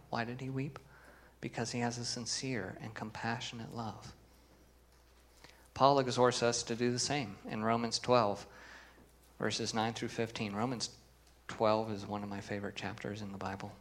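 Low, gravelly-voiced male pastor preaching. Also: a bit bright. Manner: earnest, asks the congregation questions and reads scripture with emphasis. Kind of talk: sermon.

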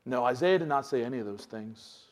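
A young man preaching a sermon, dropping to low asides and then rising to loud, emphatic scripture reading. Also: expressive, brisk.

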